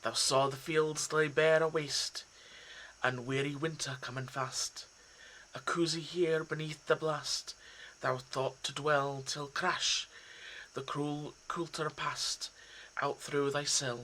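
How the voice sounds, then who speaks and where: A man putting on a Scottish accent to recite a poem as a farmer speaking gently to a mouse, in a raised, drawn-out, declaiming voice. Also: fairly high pitch, little pitch movement, slight background noise, pitched above the performer's own voice, poor audio. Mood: tender, rueful. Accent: put-on Scottish. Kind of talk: poetry recitation.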